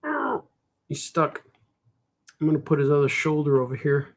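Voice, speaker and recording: Slightly high-voiced man muttering while drawing. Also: little pitch movement, moderate pace. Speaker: cartoonist and comic shop host. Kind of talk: casual drawing vlog, thinking aloud.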